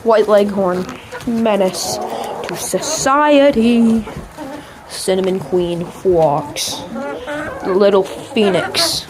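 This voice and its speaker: A woman's voice: medium pitch, animated, very slow, a crowd in the background. A woman chatting playfully to her backyard chickens in baby talk, outdoors in a coop. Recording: noisy coop with clucking hens. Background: chickens clucking.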